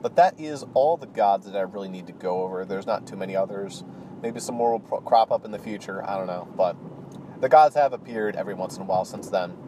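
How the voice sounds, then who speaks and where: A man's voice: on the low side, fast, warm tone, slight background noise. A man casually recapping a role-play campaign as a channel host, talking offhand with many fillers and restarts.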